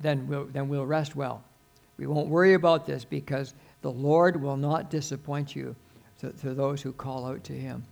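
An older man preaching a sermon as pastor, earnest and pleading, his voice swelling suddenly loud and then dropping soft. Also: on the high side, creaky.

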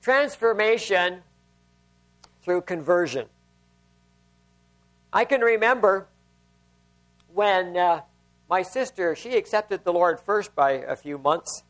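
High-voiced man preaching a sermon. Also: expressive, slow pace, long pauses, fairly bright tone. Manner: conversational, with anecdotes, repeats and restarts. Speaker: pastor.

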